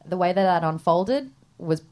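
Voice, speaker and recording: Excitable woman, laughing often. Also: on the low side, normal speed. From Australia. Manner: excitable, laughs often, bursts into loud cries. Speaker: podcast guest. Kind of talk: casual chat.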